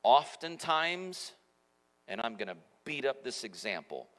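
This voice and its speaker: A man's voice: mid-range voice, big pitch swings, a little slow, fairly bright tone. A pastor in his forties preaching a sermon in a conversational, self-mocking storytelling manner. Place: church auditorium. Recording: echoey church hall.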